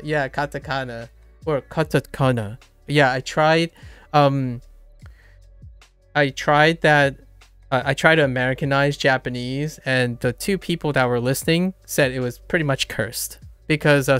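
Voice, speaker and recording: A man's voice: mid-range voice, unhurried, fairly bright tone, clear, resonant tone, no room sound, faint music behind. A man streaming a casual lesson on Japanese sounds, rambling, correcting himself and laughing often. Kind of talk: casual live-stream explanation.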